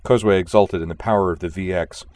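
A man with a very deep voice narrates a space adventure audiobook in a steady, even delivery at an unhurried pace.

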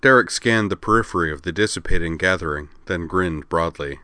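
Man, deep voice, forceful bright tone, dry close sound, story narration. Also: a little fast, dry recording. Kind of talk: read-aloud story narration.

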